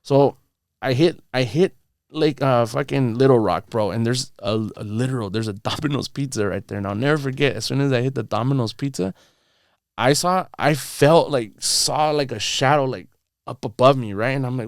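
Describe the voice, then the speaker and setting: Profane storytelling man, smooth voice. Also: mid-range voice, normal speed, no echo, clean studio sound. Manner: rambling, profane, says bro and dude a lot. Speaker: podcast guest. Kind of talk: casual storytelling. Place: podcast studio.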